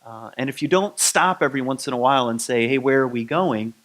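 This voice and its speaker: A man from Michigan giving a conversational sermon to his spiritual community, relaxed and rambling with many ums and restarts. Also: mid-range voice, brisk. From Grand Rapids, Michigan.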